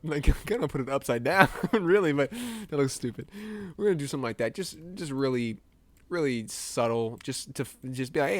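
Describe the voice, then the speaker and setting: A man's voice: medium pitch, dry recording. A young American man chatting casually while he edits images live for a stream, rambling, joking at himself and laughing often. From United States.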